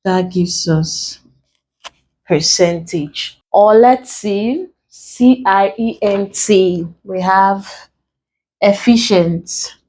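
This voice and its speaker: Slow, deliberate woman tutor. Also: mid-range voice, dark tone, low-quality recording. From Nigeria. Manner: slow, deliberate, spells out letters one by one. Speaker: English tutor. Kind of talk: exam-prep lesson at a board.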